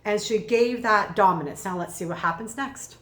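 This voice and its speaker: A woman communication coach giving energetic, conversational commentary in quick bursts. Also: mid-range voice, roomy sound. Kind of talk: video lesson commentary.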